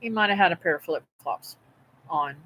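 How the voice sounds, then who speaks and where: A woman's voice: fairly low pitch, normal speed, fairly bright tone, poor audio. A middle-aged woman, telling a rambling, folksy story to her livestream viewers from home. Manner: chatty, folksy, meandering. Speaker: homestead livestream host. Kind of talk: rambling live-stream storytelling.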